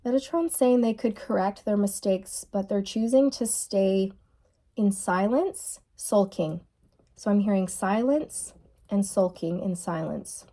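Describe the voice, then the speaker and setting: A woman giving a channeled tarot reading to her viewers, musing softly and repeating key phrases. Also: medium pitch, unhurried. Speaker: tarot reader.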